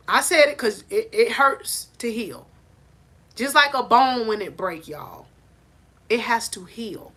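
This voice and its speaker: A woman's voice: fairly high pitch, measured pace, slightly rough. Fervent woman coach preaching to her viewers. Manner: preachy and animated, laughs and rises to near shouting. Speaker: life coach. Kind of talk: motivational faith talk on a live stream.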